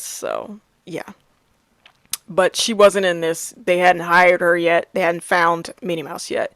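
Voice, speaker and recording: A woman's voice: mid-range voice, no room sound. A woman in her thirties chatting casually about her favorite films, laughing often and restarting her sentences. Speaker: movie reviewer. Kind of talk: casual movie review chat.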